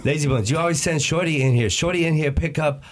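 A man's voice: a little high, lightly acted. A man doing a scolding takeout counter lady. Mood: teasing. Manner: slow, teasing, broken English. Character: scolding older woman running a takeout counter.

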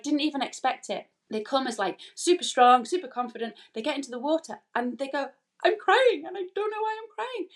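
A woman breath work instructor, a podcast guest, talking earnestly in loose, rambling sentences and voicing imagined inner thoughts. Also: mid-range voice. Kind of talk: casual interview chat.

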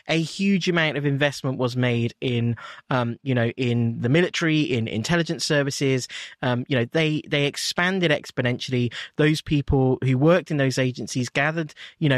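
A man's voice: medium pitch, no echo. A man talks in a reflective, hedging way, circling his point with plenty of fillers. His voice sits in an ordinary middle register. The recording is dry and close, with no room sound. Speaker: panelist in a cybersecurity discussion. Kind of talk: casual panel discussion.

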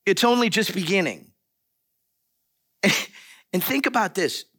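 Male pastor, high and animated, casual sermon delivery with asides. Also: a little slow, long pauses. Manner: animated, conversational preaching with asides and laughs.

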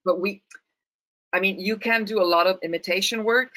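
A woman's voice: mid-range voice, fairly even intonation, normal speed, sharp tone, no room sound, low-quality recording. A woman from Rome speaking English with an Italian accent, an actress talking thoughtfully in an interview with frequent restarts. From Italy, Rome. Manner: thoughtful, many restarts and repeated words. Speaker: actress, guest. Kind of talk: interview conversation.

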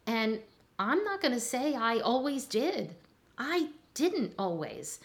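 An older woman, a chiropractor, talking in a relaxed interview and telling stories with lively acted-out voices. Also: fairly high pitch, slow pace. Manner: animated storyteller, acts out voices in anecdotes. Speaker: chiropractor guest. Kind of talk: conversational interview.

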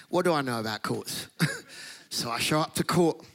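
A man's voice: fairly high pitch, moderate pace, gravelly. A middle-aged man preaching a sermon, telling stories with laughter and acting out the voices of the people in them. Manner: animated, laughs often, acts out voices in stories. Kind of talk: sermon with comic storytelling.

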